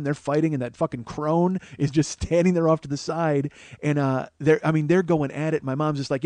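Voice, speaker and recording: A man's voice: on the high side, quick pace, few pauses, no echo. A man in his forties, a comedian and podcast host, telling a personal story in a casual, profane way. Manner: profane, conversational, animated quotes.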